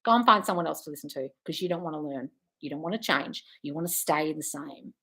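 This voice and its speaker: A woman manifestation coach answering viewer comments on a livestream, blunt and profane, breaking into loud scolding rants of tough love. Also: deep voice, lively intonation, fast, breathy edge.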